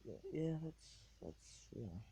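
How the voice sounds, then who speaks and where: A man's voice: medium pitch, very animated, a little slow, vocal fry, mellow, slight background noise, poor audio. A man hosting a solo podcast, talking in a rambling, laid-back way full of fillers, recorded on a tablet. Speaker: podcast host.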